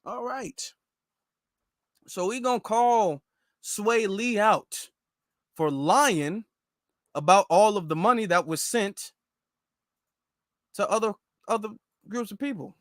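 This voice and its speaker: A man hosts a political commentary show in a high voice. He is emphatic, repeats himself and talks straight to his viewers. The sound is dry and close, with no room around it. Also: lively intonation, slow, pauses often, no room sound. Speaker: commentary channel host. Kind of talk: political commentary, reacting to clips and posts.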